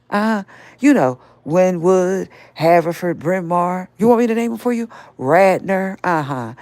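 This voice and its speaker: A woman's voice: on the low side, darkish tone, no room sound. Older woman ranting confrontationally. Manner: confrontational, scolding, addressing someone directly. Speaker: live-stream host. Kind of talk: live-stream rant.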